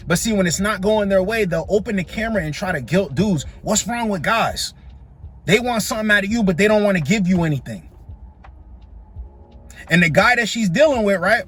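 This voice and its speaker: A man's voice: high voice, lively intonation, normal speed, a bit bright, husky. A man hosting a reaction channel, giving blunt, scolding commentary that keeps repeating its points.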